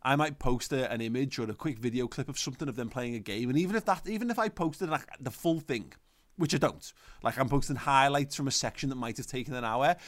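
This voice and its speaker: A man in his thirties talks loosely as a podcast co-host. He rambles, swears freely and trips over restarts, and his pitch sits in the middle. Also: quick pace, hardly any pauses. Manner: rambling, sweary, self-interrupting. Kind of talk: casual chat.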